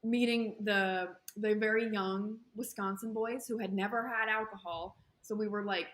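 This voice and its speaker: A woman with a Southern American accent, animated and chatty as she tells a travel story on a podcast. She slips into the voices of the people she quotes and keeps the tale moving. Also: medium pitch, moderate pace. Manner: animated, acts out quoted dialogue. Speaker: podcast co-host. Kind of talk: casual storytelling chat.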